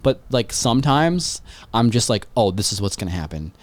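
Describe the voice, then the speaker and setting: Rambling, excitable male podcast host. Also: on the low side, normal speed, no echo. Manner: rambling, excitable, swears freely. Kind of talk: casual chat.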